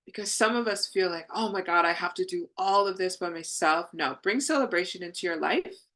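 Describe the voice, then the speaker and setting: A woman's voice: fairly low pitch, a little fast, a bit bright. A woman leading a live online healing session, talking to her viewers in an effusive, affirming way. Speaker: spiritual healing coach.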